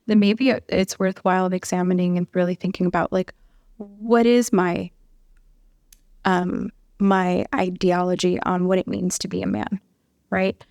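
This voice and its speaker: A woman's voice: on the low side, flat delivery, measured pace, vocal fry, darkish tone, dry recording. A woman, a psychologist guest on a podcast, explaining ideas in a thoughtful way and often checking in with "right?". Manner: explanatory, says "right?" often, thinks aloud with "um". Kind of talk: casual conversation.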